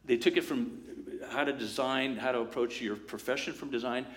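A man preaching a sermon as pastor, in a lively conversational way, acting out quoted voices and asides. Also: mid-range voice, normal speed.

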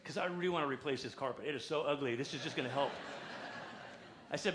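A man's voice: fast talker, background noise. A male pastor preaching a conversational sermon in a church, telling stories and acting out quoted voices. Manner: conversational storytelling preaching, acts out quotes with raised pitch. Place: church sanctuary.

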